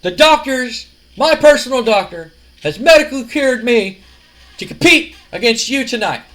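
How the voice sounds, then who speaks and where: A man's voice: extremely high pitch, animated, normal speed, voice pushed up. A man voicing a cocky, boastful male pro wrestler who taunts his rival. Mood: smug. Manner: smug, taunting, loud.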